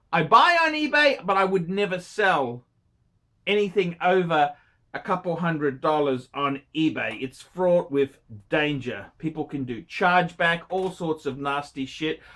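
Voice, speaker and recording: A man's voice: high-pitched, a bit bright. An Australian man giving a blunt, heavily profane watch review, scolding a viewer in an unscripted rant.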